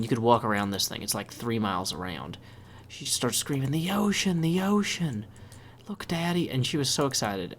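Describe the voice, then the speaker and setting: A man's voice: medium pitch, a little hiss or hum. A man hosting a video game let's play, chatting casually and thinking aloud as he builds. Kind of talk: casual gameplay commentary.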